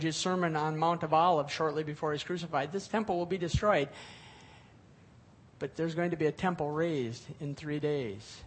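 High-voiced preacher man giving a sermon. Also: breathy edge. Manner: expository preaching with scripture reading, rising emphasis. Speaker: pastor.

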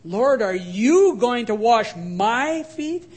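A man voicing the disciple Peter during a sermon, protesting loudly and insistently in his own high voice. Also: lively intonation, slow, breathy edge, full character voice. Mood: incredulous. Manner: loud, insistent, incredulous. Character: impetuous male disciple Peter, protesting in disbelief.

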